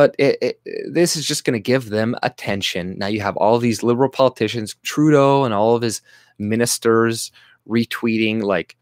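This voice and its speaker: A man's voice: mid-range voice, no echo, studio quality. A Canadian man ranting casually about politics, profane, with frequent restarts and mocking quoted voices. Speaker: political commentary vlogger.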